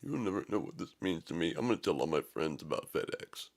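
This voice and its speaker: A man's voice: low-pitched, animated, quick pace. A man voicing an overjoyed, tearful young man who gushes over a delivery driver. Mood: gushing. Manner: gushing, pleading, voice cracking upward.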